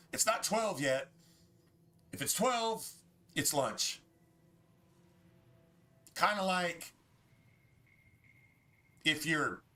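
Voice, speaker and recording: A man's voice: fairly high pitch, sharp tone. A man chatting casually on a game livestream, rambling and swearing freely as he talks to his viewers. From United States. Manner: rambling, profane, opinionated. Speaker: game streamer.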